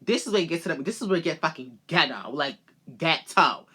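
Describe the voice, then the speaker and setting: A woman vlogger telling a personal story in casual, animated talk, swearing freely and calling her listeners girl. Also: low-pitched, brisk, slightly rough. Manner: animated, profane, addresses listeners as girl and bitch.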